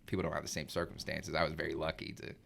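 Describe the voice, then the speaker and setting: A young man, chatting as a podcast guest, relaxed and rambling. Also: very deep voice, racing, gravelly, slight background noise. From Arkansas. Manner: relaxed, rambling, laughs often. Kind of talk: casual chat.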